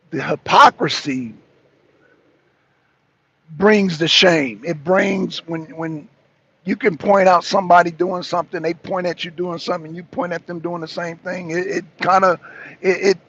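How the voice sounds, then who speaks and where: A man's voice: high-pitched, steady tone, measured pace, pauses often, a bit bright, slightly rough, dull audio. A man hosting a livestream, talking to his chat in an emphatic, repetitive way and arguing back at commenters. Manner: emphatic, repeats himself, argues back. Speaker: host.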